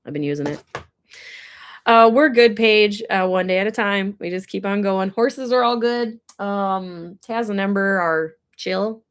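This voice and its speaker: A woman's voice: medium pitch, a little slow. A woman running a casual livestream about her horses, emotional and teary at times, chatting with viewers and answering their comments. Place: indoors with air blowing.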